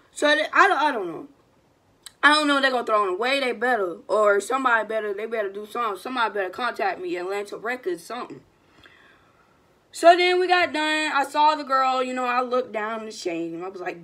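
A young woman, telling a storytime vlog in a slangy, animated, casual way and quoting what people said. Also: fairly high pitch, a little fast. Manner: animated, slangy retelling with quoted voices. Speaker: vlogger.

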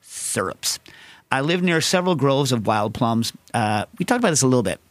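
A man's voice: mid-range voice, brisk, no echo. Man, podcast host, loose chatty delivery, wanders off on tangents, mid-range voice, dry mic. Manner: rambling, tangent-prone, animated storytelling. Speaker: podcast host answering listener questions. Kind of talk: casual chat.

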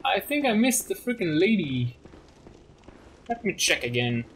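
A man playing through a video game, bursting into goofy exclamations. His voice sits high and bright, with big swings in pitch. He talks at an unhurried pace, and faint music plays behind him. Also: a little hiss or hum. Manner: excitable, loud outbursts and goofy exclamations. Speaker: gaming commentator. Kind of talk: let's play commentary.

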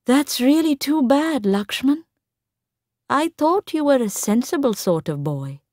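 A woman voicing a tall, composed stepmother who speaks in a cool, measured, quietly firm way in a read-aloud story. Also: mid-range voice, lively intonation, no echo, clean studio sound.

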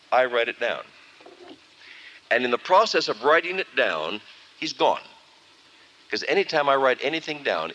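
Man preacher, bright lively voice, acts out his stories for the congregation. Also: medium pitch, low-quality recording. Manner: animated storytelling, acts out scenes. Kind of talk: sermon. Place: camp meeting before a live audience. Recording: archival 1979 camp meeting recording.

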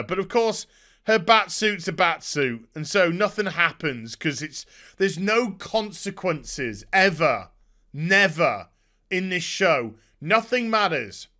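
Man, sarcastic profane TV rant, high voice, unhurried delivery. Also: sharp tone. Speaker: YouTube TV reviewer. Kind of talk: ranting TV review.

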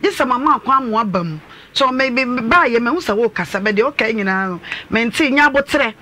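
A man's voice: very high voice, lively intonation, brisk, sharp tone. A Ghanaian man hosting a radio talk show, moderating and questioning callers.

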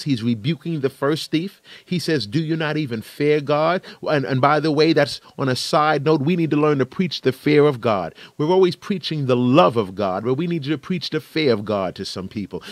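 A man's voice: medium pitch, no room sound. Fiery preacher man, dry close sound. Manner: emphatic preaching, rising bursts and rhetorical questions. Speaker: pastor. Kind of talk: sermon.

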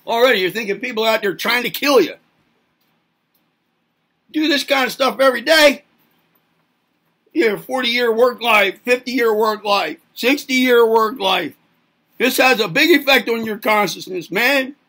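High-voiced, bright rambling man lecturing. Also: unhurried, pauses often. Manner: rambling, rhetorical questions, casual swearing. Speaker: self-help speaker. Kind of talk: informal lecturing monologue.

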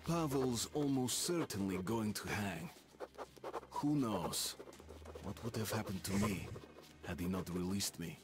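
An actor giving a video game character's reflective inner monologue, grim and earnest. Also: male voice, on the low side, lively intonation, measured pace, noisy background. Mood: somber.

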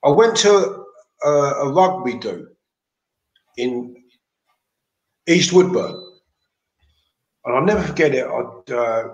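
An English man telling lively, slang-filled anecdotes as an interview guest, laughing as he goes. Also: mid-range voice, slow, long pauses, reverberant, muffled recording. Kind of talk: casual storytelling.

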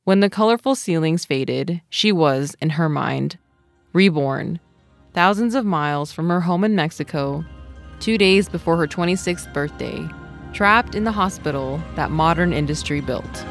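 A woman's voice: deep voice, measured pace, soft background music. A woman co-hosting a podcast, telling a story and then chatting with a friend, laughing often. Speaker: podcast co-host. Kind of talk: narration and casual chat.

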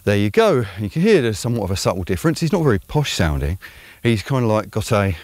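A man's voice: fairly low pitch, very animated, fast, darkish tone, dry recording. A man with an Estuary English accent hosting his own channel, talking through an opinionated commentary in a rambling, conversational way full of ums. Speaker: channel host.

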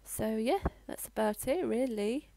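A woman rambling through a casual game voiceover, halting and restarting as she tours her builds. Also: fairly high pitch, animated, vocal fry, dark tone, dry recording. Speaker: gamer giving a tour.

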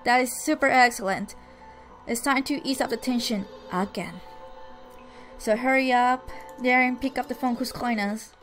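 A woman's voice: a little high, normal speed, a bit bright, soft background music. A young woman doing casual, chatty gameplay commentary, often exasperated and full of fillers. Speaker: let's play gamer.

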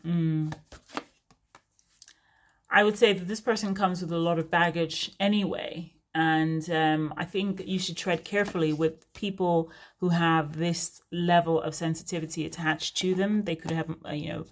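A woman's voice: on the low side, fairly bright tone. A woman giving a casual, frank tarot reading to her viewers, chatty with many fillers and asides. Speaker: tarot reader.

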